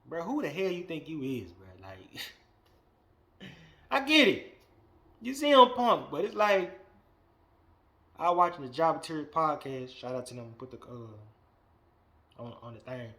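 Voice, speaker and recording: A man hosting a wrestling podcast, giving a blunt, profane, animated opinion rant that swings between muttering and loud outbursts. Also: fairly high pitch, a little slow, pauses often.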